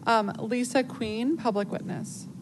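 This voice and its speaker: Woman chairing a hearing, higher voice, brisk and polite, clear room ambience behind. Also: steady tone, background noise. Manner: brisk and courteous. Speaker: council member chairing a hearing.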